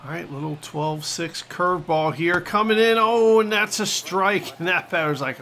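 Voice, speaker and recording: Bright-voiced man calling a baseball game. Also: sits high, moderate pace. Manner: excitable, jokey, talks to viewers. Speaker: gaming channel host. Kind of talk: play-by-play game commentary.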